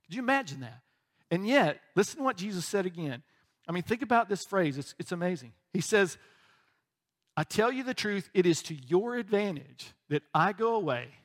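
A male pastor preaching a conversational sermon, joking and acting out quick voices, often checking in with "right?". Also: high-pitched, big pitch swings.

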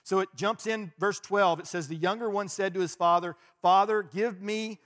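A man's voice: high-pitched, a little fast, fairly bright tone. A male pastor preaching a sermon in a conversational way, with joking asides to the congregation.

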